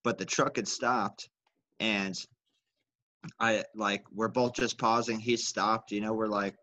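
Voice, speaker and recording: A man's voice: lowish voice, fairly even intonation, slow, bright, forceful tone. A man casually telling a rambling, profane story on a podcast. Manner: laid-back, profane, rambling. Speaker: podcast co-host.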